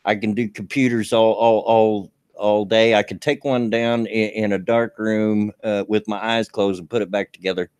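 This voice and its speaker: A man in his fifties with a drawl chats on a live stream, his voice sitting fairly low. He rambles in a folksy way, stumbling over fillers and restarts. The sound is dry and close, with little room around it. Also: fairly even intonation, moderate pace, few pauses, a little mellow, smooth, no room sound. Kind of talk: casual chat.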